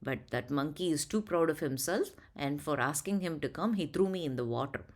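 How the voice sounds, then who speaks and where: Woman playing a proud male eagle, indignant, low-pitched. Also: animated, brisk. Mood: aggrieved. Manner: boastful, then indignant. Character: proud, hot-tempered male eagle mount.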